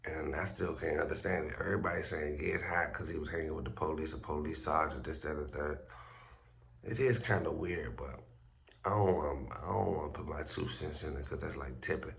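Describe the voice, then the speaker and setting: Very deep, gravelly male vlogger. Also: steady tone, a little fast. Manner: loose, slangy and profane, with stumbles and restarts. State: groggy, just woke up. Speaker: street news blogger host. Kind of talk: casual vlog commentary.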